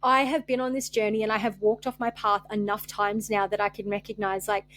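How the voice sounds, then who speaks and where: Young female podcast host, raw and near tears, rambling heartfelt delivery with a higher voice and a close, dry sound. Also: no echo. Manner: rambling, open-hearted, frequent fillers and restarts. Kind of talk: candid spiritual podcast monologue.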